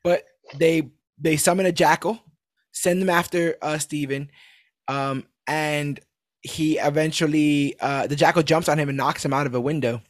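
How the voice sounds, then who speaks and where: A man's voice: fairly high pitch, steady tone, moderate pace, no room sound, clean studio sound. A man casually recapping a TV episode on a podcast, acting out the characters' lines and laughing as he goes. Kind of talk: casual chat.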